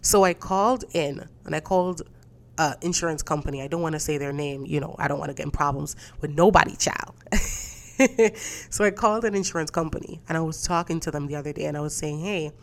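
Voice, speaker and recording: Young female podcast host, low voice, congested with a cold, animated and profane storyteller. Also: fast, creaky. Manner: animated storytelling, swearing, acting out dialogue. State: stuffy from a cold. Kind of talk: casual solo podcast chat.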